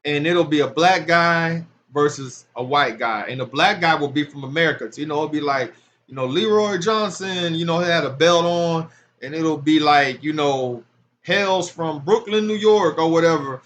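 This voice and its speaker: Talking about scripture with passion, a religious commentator uses loose street speech that builds into emphatic preaching. His voice is a little high and fairly bright, at a moderate pace, with a bit of hiss or hum in the recording.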